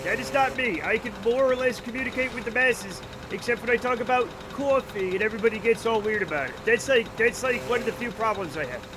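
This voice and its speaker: A high-pitched man with a Rhode Island accent chats loosely with his viewers while playing a game. He talks in an animated way, swears freely and draws his vowels out. Car engine noise from the game plays clearly behind him. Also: fast talker, hardly any pauses. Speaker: streamer. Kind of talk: casual chat with viewers while gaming.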